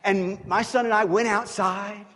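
A man preaching a sermon as pastor, telling stories with animated swings from hushed to loud. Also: sits high, a little slow, in a large hall.

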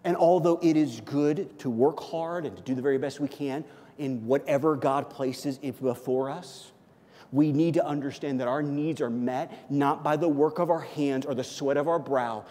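A man preaching a sermon as a pastor, conversational and animated, often checking in with "okay?". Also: mid-range voice, normal speed. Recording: long hall reverb.

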